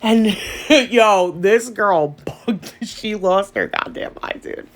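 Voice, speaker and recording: A woman who hosts a nail art channel tells stories in a rambling, chatty voiceover, laughing often and calling her viewers y'all. Her voice is medium-pitched and slow.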